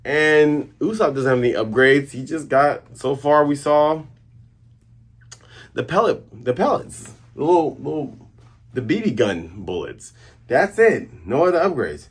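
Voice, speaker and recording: A husky-voiced man recaps a comic chapter in loose, rambling commentary. His pitch moves lively up and down, and he stops to correct himself often. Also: a little slow. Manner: rambling, laughs at own voices, self-corrects. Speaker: manga review host.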